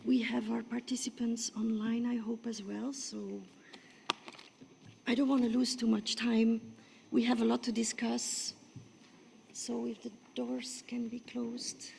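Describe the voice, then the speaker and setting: Hoarse woman moderating in a reverberant hall. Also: a little high, little pitch movement, measured pace, warm tone, slight background noise. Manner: hesitant, with frequent fillers. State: rough, hoarse voice. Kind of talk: opening remarks at a conference side event. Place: large conference room. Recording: long reverb of a large hall.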